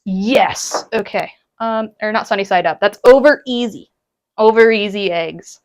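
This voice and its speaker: A young woman livestreams from home as she cooks and eats brunch, chatting casually with her viewers. She's bubbly and laughs often, speaking at an unhurried pace in a medium-pitched voice.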